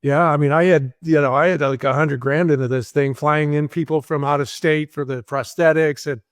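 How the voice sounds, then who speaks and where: A man with a fairly high voice tells an animated story in a podcast interview. He jumps into the voices of the people in his story. The sound is close and dry. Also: moderate pace, no room sound. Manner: animated anecdote-telling, acting out quoted voices. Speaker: guest, filmmaker.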